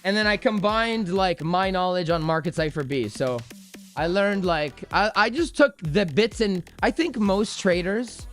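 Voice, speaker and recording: A man's voice: high-pitched, measured pace, a bit bright, soft background music. A man streaming about crypto trading, answering viewer questions in a loose, joking, self-deprecating way with many restarts. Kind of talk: casual livestream chat answering viewer questions.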